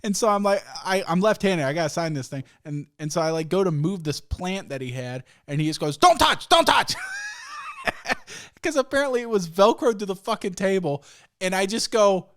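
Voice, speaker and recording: A man's voice: high voice, a little fast, clean tone. A young man hosting a solo podcast, telling stories in a rambling, profane way and laughing often. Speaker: podcast host. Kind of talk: casual solo podcast rant.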